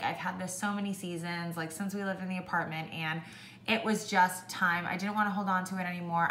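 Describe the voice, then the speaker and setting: Young woman, casual reviewer, chatty with many fillers, bright tone in an echoey room. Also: mid-range voice, slight background noise. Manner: chatty, heavy use of "like", animated when ranting. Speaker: beauty vlogger. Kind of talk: casual product review chat.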